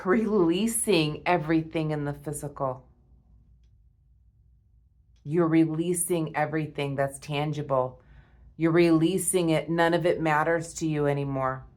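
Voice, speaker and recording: A woman with a low-pitched voice gives her viewers a spiritual tarot reading. She sounds awed and emotional, repeating herself and often trailing off with a soft "wow."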